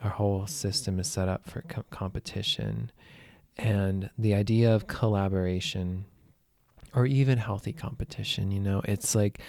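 A man, a musician guest on a podcast, speaking gently with searching, hesitant phrasing. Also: on the low side, fairly even intonation, moderate pace. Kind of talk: casual heartfelt conversation.

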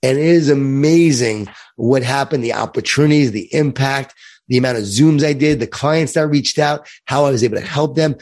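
A man's voice: mid-range voice, normal speed, a little mellow. Earnest upbeat man with a light New York accent. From Long Island, New York. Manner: earnest and upbeat, repeats words while thinking. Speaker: guest. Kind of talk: interview conversation.

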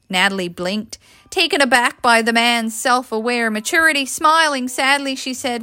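A woman narrating a story in an expressive reading voice. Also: mid-range voice, normal speed, dry recording, soft background music. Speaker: audiobook reader.

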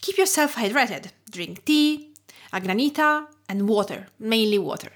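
A woman of about forty from Tuscany hosts her podcast in English with an Italian accent, her voice set a little high. She reads a prepared script expressively, with her pitch swinging widely. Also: animated, measured pace. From Tuscany, Italy. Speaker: podcast host and cook.

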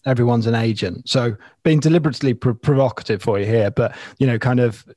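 A man's voice: medium pitch, fast, dark tone, dry recording, clean studio sound. A man hosting a podcast, asking rambling questions that he often rephrases. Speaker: podcast host. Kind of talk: interview questions.

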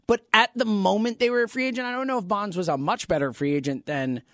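A man's voice: high-pitched, quick pace, fairly bright tone, dry recording, studio quality. A man in his thirties co-hosting a sports podcast, talking in casual, teasing banter. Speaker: podcast co-host.

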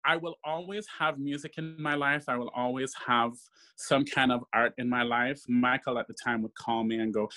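With a medium-pitched voice at normal speed, this guest actor from the stage recounts anecdotes in a relaxed interview, bringing animation to them by voicing the people he quotes.

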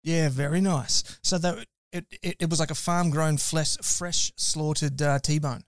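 Chatty Australian male podcast host, upbeat and easygoing, higher pitch, dry sound. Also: fairly even intonation, unhurried, no echo. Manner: upbeat, chatty, with loose fillers. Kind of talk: live podcast chat.

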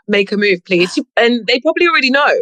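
A woman from England with a British accent, chatting as a guest on a podcast in a lively, playful way. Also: on the high side, fast, no room sound. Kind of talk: casual podcast chat.

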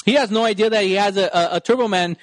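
High-voiced man rambling on a podcast. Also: fast, no room sound. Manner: rambling, acts out quotes in voices. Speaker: podcast co-host. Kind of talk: casual chat about a movie.

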